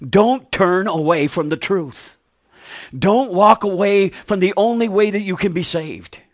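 Guy preaching, kinda high voice, super animated pitch, keeps asking the crowd stuff and repeating lines. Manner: preaching with rhetorical questions and repeated phrases. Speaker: pastor. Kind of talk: sermon.

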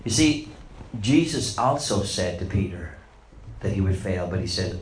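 A man's voice: sits low, expressive, measured pace. A man preaching a sermon, retelling a story with rising and falling dramatic intensity. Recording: roomy echo, faint noise.

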